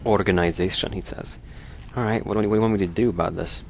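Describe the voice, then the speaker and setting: A man hosting a let's play, cracking sarcastic jokes and musing aloud over the game. His voice sits on the low side. A faint hiss from his home desk mic runs behind him. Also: fairly even intonation, very fast, creaky, darkish tone. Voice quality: jokey, sarcastic, laughs often. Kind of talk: joking gameplay commentary.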